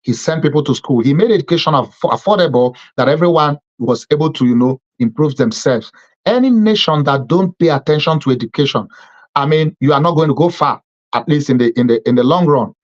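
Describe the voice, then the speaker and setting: A male TV host delivers a political commentary monologue in a slightly high voice. He drives his points home by stacking repeated phrases and pausing on fillers. The recording sounds dull and muffled. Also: expressive. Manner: emphatic, repeats phrases in lists, frequent fillers. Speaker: TV program host.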